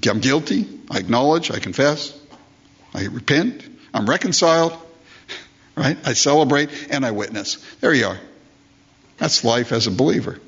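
A man's voice: medium pitch, expressive, normal speed, pauses often, fairly bright tone, breathy edge, dull audio. An older man preaching a sermon as pastor, emphatic, repeating phrases and asking rhetorical questions.

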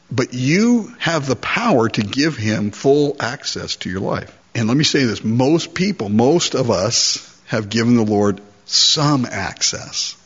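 A man preaching a sermon as pastor, lively and acting out little dialogues as he goes. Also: medium pitch, breathy edge, lo-fi sound. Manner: animated, acts out dialogues with God.

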